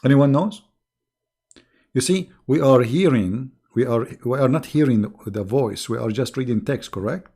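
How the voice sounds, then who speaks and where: There's a dark tone to this man's mid-range voice as he hosts a livestream at a moderate pace. His commentary monologue is sarcastic and mocking, broken up by regular throat-clearing.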